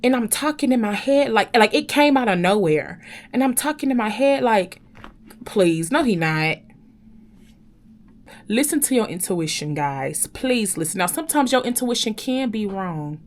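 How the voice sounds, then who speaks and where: A young woman telling a personal story to her viewers in an animated, chatty way, often calling out to them directly. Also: a little high, normal speed, a little hiss or hum. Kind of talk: casual storytime chat.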